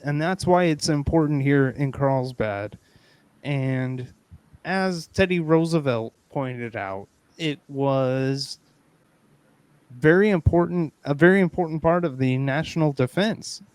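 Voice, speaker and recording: A male podcast host with a fairly high voice, talking in an unhurried, drawn-out way. He is playful and mock-earnest, jumping into loud excited bursts. The recording is dry and close. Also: smooth, no echo. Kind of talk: casual comedic chat.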